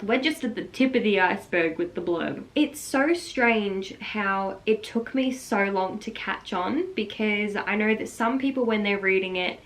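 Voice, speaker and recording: A woman's voice: mid-range voice, low-quality recording. A young woman, vlogging about a book in a casual, gushing way. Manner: gushing, breathless enthusiasm with frequent "like". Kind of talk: excited casual vlog.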